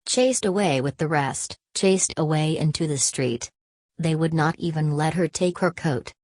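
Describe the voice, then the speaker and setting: A woman's voice: deep voice, a little slow, darkish tone, no echo, clean studio sound. A woman voicing a grieving old woman who wails and repeats herself mournfully, in an audiobook reading. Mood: wailing. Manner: mournful, repetitive wailing.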